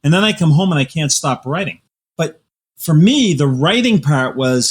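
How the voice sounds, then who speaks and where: A man, a guest author, chatting casually in an interview, telling animated, vivid stories with playful exaggeration. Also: on the high side, normal speed, husky.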